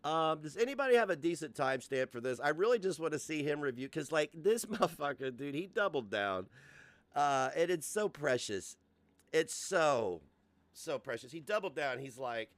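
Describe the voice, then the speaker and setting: A man's voice: medium pitch, lively intonation, moderate pace, no echo. A man in his forties hosting a casual livestream rant, profane and mocking, often laughing. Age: 40s. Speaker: host.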